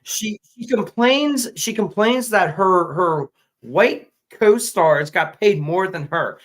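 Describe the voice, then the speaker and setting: A man's voice: sits high, lively intonation, takes it slowly, poor audio. A man co-hosting a casual commentary show, ranting in an exasperated, profane way with many restarts. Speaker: podcast co-host.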